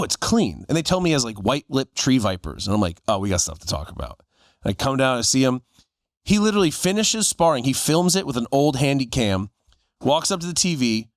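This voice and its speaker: A man's voice: mid-range voice, no echo, studio quality. A man in his forties, a podcast co-host, telling stories casually and acting out the voices of people he quotes. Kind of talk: casual storytelling chat.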